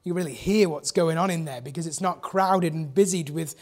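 A man's voice: fairly high pitch, fairly quick. A man preaching a sermon in a conversational way, often asking his listeners questions.

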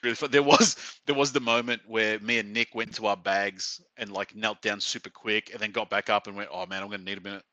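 A man telling lively stories in a casual chat, acting out what people said. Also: on the low side, fairly quick, hardly any pauses, no echo. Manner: animated storyteller, acts out quotes.

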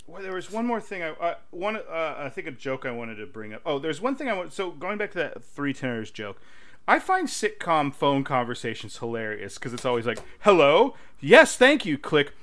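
A man's voice: on the high side, fairly quick. A man co-hosting a podcast in casual chat, laughing often and acting out quoted lines. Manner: laughing often, quoting lines in animated voices. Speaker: podcast co-host. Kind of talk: casual chat about a sitcom episode.

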